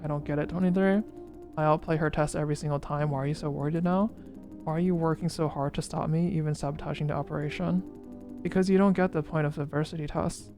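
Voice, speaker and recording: With soft music underneath, this streamer talks fast in a slightly mellow mid-range voice with fairly even intonation. They read a story game's dialogue, emphasizing each character's lines their own way.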